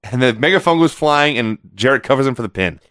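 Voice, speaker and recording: A middle-aged man co-hosting a wrestling podcast, telling stories in an animated, sarcastic way. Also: mid-range voice, fast talker, clean tone. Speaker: podcast co-host. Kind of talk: casual wrestling review chat.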